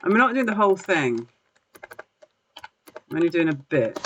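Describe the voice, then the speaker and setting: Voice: medium pitch, very animated, moderate pace, a bit bright, a little hiss or hum. Chatty, rambling gaming podcast host. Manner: rambling, filler-heavy, self-deprecating laughs. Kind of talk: casual livestream chat. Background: faint background music.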